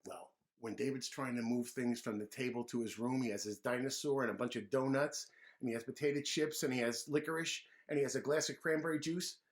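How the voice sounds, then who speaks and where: A man gently reading a children's picture book aloud, stopping often to put questions to the kids. His voice sits at an ordinary middle pitch. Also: brisk. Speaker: children's storyteller.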